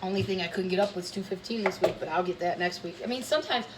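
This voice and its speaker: A woman's voice: fairly low pitch, fast talker, very noisy. A woman cooking in her home kitchen, talking in a blunt, rambling, chatty way while sick with bronchitis. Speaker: cooking vlogger. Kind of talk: casual chatty cooking vlog.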